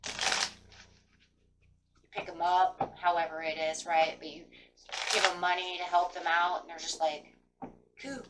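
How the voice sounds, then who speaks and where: A woman's voice: lowish voice, level tone, a little slow, pauses often, distant mic, heavy background noise. A woman giving a casual tarot reading, rambling and full of fillers like "kind of" and "like". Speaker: tarot reader.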